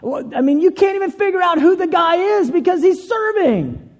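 Male preacher, earnest storytelling sermon, gravelly fry in his voice, long hall echo. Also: very high voice, very animated, moderate pace, a little mellow. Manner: earnest, repeats and restarts phrases.

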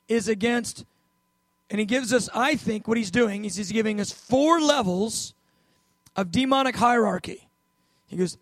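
A man with a strikingly high voice preaches a sermon, telling stories in an easy conversational way. He leans into key words by slowing right down. The sound is close and dry, with no room echo. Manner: conversational storytelling, emphatic slow stresses.

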